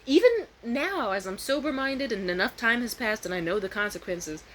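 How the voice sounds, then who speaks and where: A young woman vlogging a casual storytime rant, swearing freely and switching to high, loud voices when she quotes people. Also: normal speed, a little hiss or hum. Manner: animated, profane, jumps into high voices when quoting.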